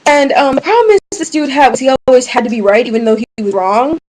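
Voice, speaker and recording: A woman's voice: a little high, fast, rough recording. A young woman, a college student, ranting casually to her webcam at home, rambling with many fillers and restarts. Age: young adult. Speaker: vlogger. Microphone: webcam mic.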